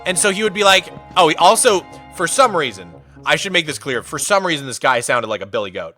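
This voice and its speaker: A male streamer chatting casually with his viewers, rambling through stories in an animated way and saying "dude" and "man" a lot. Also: mid-range voice, fairly quick, no room sound, studio quality, faint music behind.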